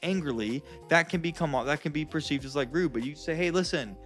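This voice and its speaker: A man's voice: on the high side, brisk, fairly bright tone, faint music behind. A man giving blunt, casual advice straight to his viewers, calling them guys and bro. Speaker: self-help vlogger. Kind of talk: casual direct advice to camera.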